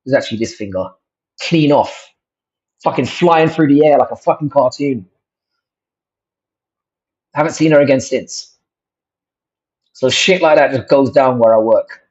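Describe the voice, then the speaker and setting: A young man hosts a casual livestream, reacting to viewer comments in a rambling, sweary way and restarting often. His voice is mid-range and a little mellow. The stream audio is dull and lo-fi.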